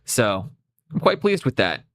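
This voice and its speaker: A young Canadian-accented man chats casually on a live stream through a cheap USB mic, rambling, cutting himself off, and swearing offhandedly. His voice is on the low side, very animated, a little slow, and a bit bright, and the sound is clean, studio-like, with no echo.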